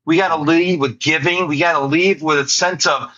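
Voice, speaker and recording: A man's voice: a little high, steady tone, moderate pace, bright, forceful tone, highs cut off. A man hosting a podcast interview, talking earnestly about serving others in casual chat. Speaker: podcast host.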